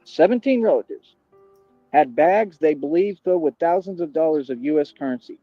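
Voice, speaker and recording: A man's voice: on the high side, expressive, moderate pace, no echo. Male streamer, boastful and aggressive, muffled lo-fi stream audio with faint music. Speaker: livestreamer. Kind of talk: ranting livestream monologue.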